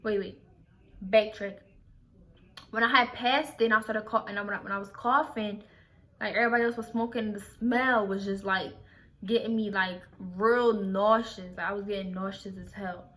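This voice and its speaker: A woman's voice: medium pitch, fairly even intonation, moderate pace, bright, forceful tone. A young woman from Philadelphia telling a casual story to her vlog audience. She talks in loose, slangy, profane speech, full of "like", and often restarts her sentences. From Philadelphia, USA. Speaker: vlogger.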